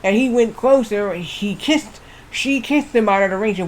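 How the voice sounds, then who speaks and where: Male streamer, rambling casual game commentary, high-pitched, swears freely. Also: moderate pace, a little hiss or hum.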